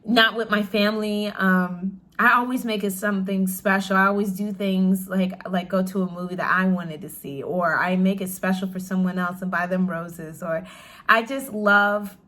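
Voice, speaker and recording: A woman's voice: medium pitch, fairly even intonation, moderate pace, fairly bright tone. A young woman chatting casually to camera in a question-and-answer vlog, bubbly and full of "like" fillers, laughing often. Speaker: vlogger.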